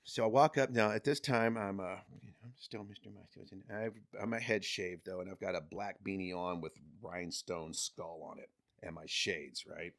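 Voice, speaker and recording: A man telling a personal story as a guest on a podcast, animated, jumping from loud emphasis to hushed asides. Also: deep voice, moderate pace, hardly any pauses. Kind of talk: casual storytelling.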